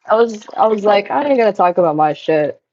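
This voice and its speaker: A young woman livestreaming, telling stories in casual chat and jumping into high-pitched voices when she quotes people. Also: lively intonation, fairly quick, darkish tone, muffled recording. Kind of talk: casual live-stream chat. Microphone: phone.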